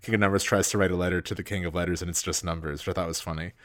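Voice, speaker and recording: A man co-hosting a casual book podcast, animated and jokey, loosely rambling with lots of fillers. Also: low voice, racing. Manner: animated, jokey, reads passages aloud. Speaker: podcast co-host.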